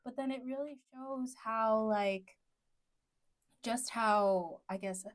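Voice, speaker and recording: A woman's voice: a little high, takes it slowly. Woman, student podcast co-host, casual academic chat, hesitant and filler-heavy.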